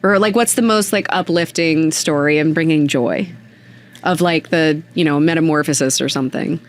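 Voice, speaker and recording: A woman hosting a casual interview, rambling with many fillers and acting out quoted voices in a much higher pitch. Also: moderate pace. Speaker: podcast host.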